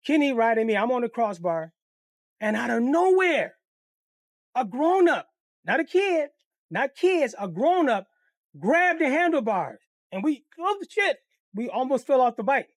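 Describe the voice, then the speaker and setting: Profane, animated male storyteller. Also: extremely high pitch, dry recording, clean studio sound. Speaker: storyteller, channel host. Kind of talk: casual storytime monologue.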